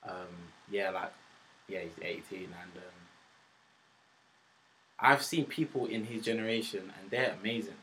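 A man's voice: lowish voice, unhurried, pauses often, sharp tone, a little hiss or hum, rough recording. A man, a podcast guest who talks frankly and casually, with lots of fillers and slang. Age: 20s. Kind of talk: casual interview chat.

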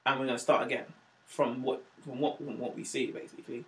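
A man's voice: mid-range voice, quick pace, vocal fry. A male stand-up comedian, talking casually in a podcast interview and acting out the voices of people in his stories. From Wales. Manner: animated storyteller, acts out quoted voices.

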